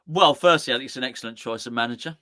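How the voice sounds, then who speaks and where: A man's voice: mid-range voice, racing, sharp tone. A man co-hosting a casual football chat, rambling and playful with lots of restarts. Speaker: co-host.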